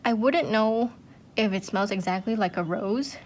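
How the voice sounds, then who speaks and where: A woman's voice: medium pitch, moderate pace, darkish tone, slight background noise. Gushing, chatty woman vlogger. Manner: chatty, gushing, many "like" and "um" fillers. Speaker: art channel host. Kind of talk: casual vlog chat.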